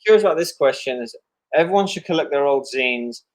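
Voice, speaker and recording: A man's voice: on the high side, animated, brisk. A man co-hosting a casual comics chat over a video call, laid-back and hesitant, with frequent fillers. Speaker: co-host reading viewer questions.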